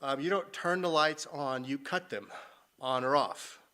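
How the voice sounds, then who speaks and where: Brief: middle-aged male missionary speaker, bright and fairly high, jokey and self-deprecating, rambles off script. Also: unhurried. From northern United States. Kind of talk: conversational church talk.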